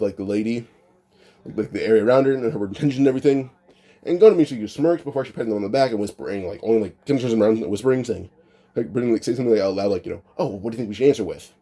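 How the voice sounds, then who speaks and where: A man with a very dark, mellow voice improvises a fan storyline in a loose, chatty way. He rambles, restarts his sentences and leans on filler words as he goes. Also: fairly low pitch. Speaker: anime what-if storyteller. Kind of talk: casual improvised retelling.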